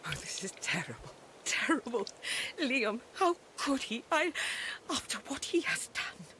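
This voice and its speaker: An actress voicing a distraught young wife under suspicion, pleading and shaky with tears, in a video game. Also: female voice, a little high, big pitch swings, measured pace, bright, forceful tone, a little hiss or hum, exaggerated voice. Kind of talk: video game character dialogue.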